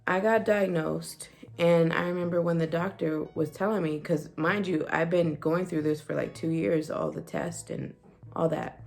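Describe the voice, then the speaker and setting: Woman vlogger, unhurried and gravelly, chatty personal storytelling to camera with faint music underneath. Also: on the low side. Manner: chatty, animated, with frequent fillers and quoted dialogue.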